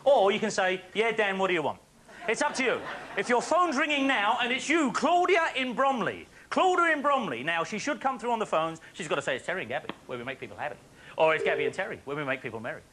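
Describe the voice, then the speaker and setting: A man presenting a phone-in quiz on a studio show, chatty and jokey with quick patter and frequent laughs. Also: sits high, big pitch swings, pushed and bright. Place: TV studio with live audience. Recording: faint audience and studio noise.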